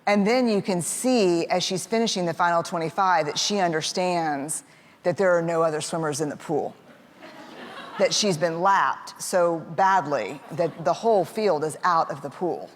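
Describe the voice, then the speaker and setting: At a moderate pace and fairly low pitch, a woman chats casually through a story about her family, using lots of fillers and laughing here and there. She imitates family members' voices when quoting them; the sound is echoey, like a hall, with faint noise behind.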